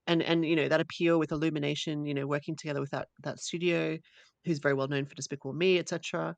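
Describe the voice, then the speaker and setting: A woman's voice: sits low, steady tone, quick pace, vocal fry, no room sound. A woman co-hosting a podcast in casual chat, losing her voice a little, chatty and laughing often. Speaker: podcast co-host.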